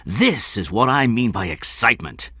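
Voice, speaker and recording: A man's voice: on the low side, big pitch swings, normal speed, sharp tone, slightly rough, no room sound, clean studio sound, voice pushed up, full character voice. A man voicing a thin, pushy male sales chief who presses his case insistently in an audiobook reading. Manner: insistent, persuasive.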